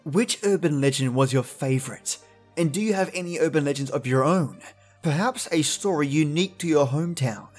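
A man's voice: a little high, brisk, faint music behind. A man hosting a horror podcast, telling urban legends in theatrical, chatty scripted narration. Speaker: podcast host and storyteller.

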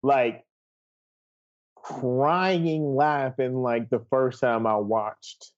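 A man's voice: mid-range voice, steady tone, drawn-out words, highs cut off. A man in his thirties co-hosting a podcast, telling a story in an amused, casual way. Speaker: podcast co-host.

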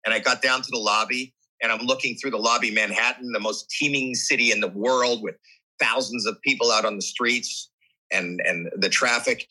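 A man being interviewed, telling a personal story in conversation, animated and emotional, with frequent restarts. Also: mid-range voice, moderate pace, low-quality recording. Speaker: guest.

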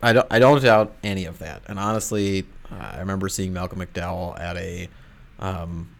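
A man's voice: sits low, steady tone, normal speed, gravelly. A man co-hosting a podcast in casual chat, rambling and hesitant with a dry manner. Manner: rambling, hesitant, many fillers and restarts, dry. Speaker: podcast co-host.

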